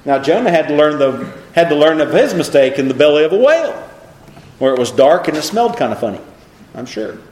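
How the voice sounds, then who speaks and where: A man's voice: a little high, brisk, echoey room, a little hiss or hum. A man preaching a sermon, reading scripture and asking his listeners rhetorical questions. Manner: animated, asks the congregation rhetorical questions.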